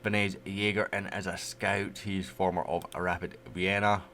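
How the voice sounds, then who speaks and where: A man with a deep voice talks loosely through a football management game, chatty and unhurried, with plenty of asides. A faint hum sits under his desk-mic recording. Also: flat delivery, a bit bright. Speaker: gaming YouTuber. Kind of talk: casual game commentary.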